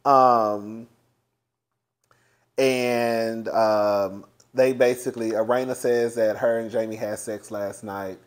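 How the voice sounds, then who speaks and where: A man's voice: lowish voice, fairly even intonation, slow pace. A young man giving a sassy, chatty review of a reality TV show, swearing freely and laughing often as he talks. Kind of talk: casual commentary.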